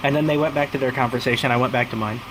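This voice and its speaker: A man chats casually and rambles through a long story, stacking up fillers and acting out what everyone said. His voice sits at an ordinary pitch. A steady hum of noise runs underneath him. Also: racing. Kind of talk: casual chat.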